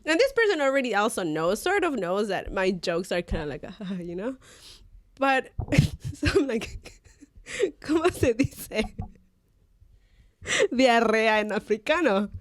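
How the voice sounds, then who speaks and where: A woman's voice: mid-range voice, very animated, unhurried, no echo, clean studio sound. A woman co-hosting a podcast, telling an embarrassing story in casual chat, laughing often and slipping into Spanish phrases. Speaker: podcast co-host.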